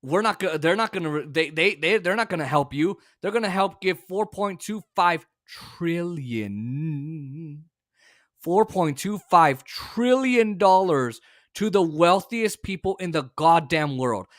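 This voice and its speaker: High-voiced man ranting about politics. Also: expressive, measured pace, no room sound, studio quality. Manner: profane, heated, stumbling restarts. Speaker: host. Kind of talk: political rant.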